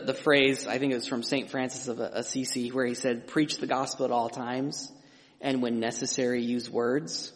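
Conversational preacher in a reverberant hall. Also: male voice, mid-range voice, a bit bright. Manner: conversational preaching with restarts and emphatic asides. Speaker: pastor. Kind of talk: sermon.

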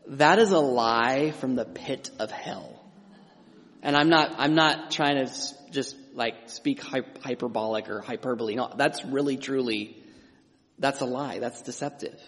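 A man's voice: mid-range voice, moderate pace, a bit bright. A middle-aged man preaching a sermon as pastor, conversational and emphatic, with frequent restarts and asides. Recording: long hall reverb.

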